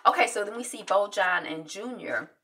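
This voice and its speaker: A woman casually recapping a TV episode, chatty and loose, with lots of ums and quick asides. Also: medium pitch, lively intonation, pushed and bright, far from the mic. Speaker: TV recap vlogger.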